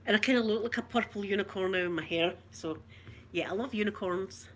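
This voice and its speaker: A woman's voice: medium pitch, a little fast, a little hiss or hum. A Scottish woman chatting casually to live viewers at home, telling funny stories and laughing often. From Scotland. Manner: chatty storyteller, laughs often, mimics voices. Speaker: ASMR livestream host. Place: home room.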